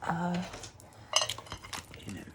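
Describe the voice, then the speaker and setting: A middle-aged craft vlogger chats casually while crafting at home, telling rambling stories with many fillers. She speaks very slowly, with background noise present.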